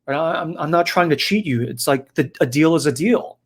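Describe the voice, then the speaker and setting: A man's voice: fairly high pitch, brisk, husky. A man voicing a jovial male exorcist who jokes playfully with a demon. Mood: reassuring. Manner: joking, playful, friendly.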